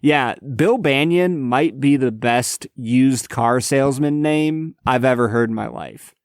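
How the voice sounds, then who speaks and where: A man's voice: mid-range voice, unhurried, dry recording, clean studio sound. A young adult man co-hosting a podcast in a laid-back, reflective way, calling his friend man and dude. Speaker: podcast co-host. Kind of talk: casual chat.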